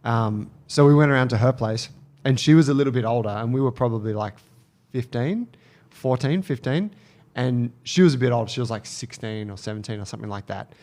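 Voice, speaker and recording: An Australian man tells a story on a casual podcast. He swears freely and jumps into the voices of the people in his tale. His pitch sits in the middle range for a man. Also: brisk. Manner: animated storyteller, swears freely, acts out quotes. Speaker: podcast co-host telling a story.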